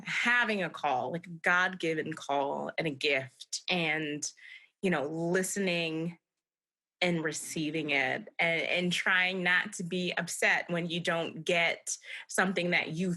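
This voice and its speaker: A woman hosts a podcast interview in a bright, clear voice. She talks in a chatty, reflective way and laughs easily as she praises her guest. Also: lowish voice, slow pace. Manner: warm laughing, reflective, speaks of faith. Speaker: podcast host and mediator. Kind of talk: conversational interview.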